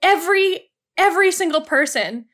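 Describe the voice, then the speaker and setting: A woman author as a podcast guest, relaxed and friendly, laughing often as she chats about her books. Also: very high voice, moderate pace. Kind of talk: casual interview chat.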